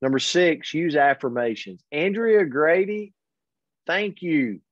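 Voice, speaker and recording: Male motivational host, slightly high voice, earnest and upbeat, dull dry lo-fi recording. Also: takes it slowly, no room sound. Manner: energetic and earnest, often says "man". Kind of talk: daily motivational pep talk.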